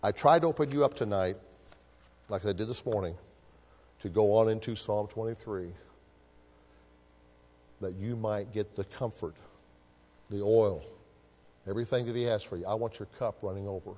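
A male guest preacher giving a sermon, swelling from hushed, intimate phrases to loud, ringing storytelling. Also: lowish voice, moderate pace, long pauses. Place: church sanctuary. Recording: echoey hall reverb.

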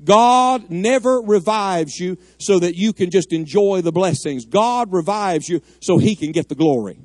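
A man's voice: high voice, animated, unhurried, dry recording. A middle-aged man preaching a fervent, emphatic sermon in a church, rising at times to cries of prayer. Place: church sanctuary.

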